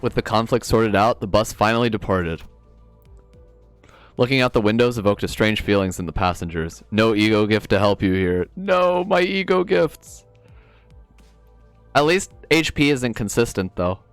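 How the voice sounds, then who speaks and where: A man's voice: lowish voice, normal speed, smooth, dry recording, soft background music. A man streaming a video game, chatting casually and reading the on-screen dialogue aloud.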